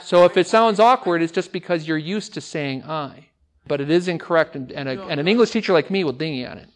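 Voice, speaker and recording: Upbeat teacher with a higher voice. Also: male voice, brisk. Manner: energetic, asks the class questions, repeats words for emphasis. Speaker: English teacher and speech coach. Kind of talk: classroom lecture.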